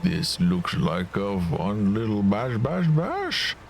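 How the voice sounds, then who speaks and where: A man voicing a rowdy party-crashing islander with a put-on Southern US accent, drawn-out and hooting. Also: lowish voice, very animated, creaky, heavily acted. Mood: gleeful.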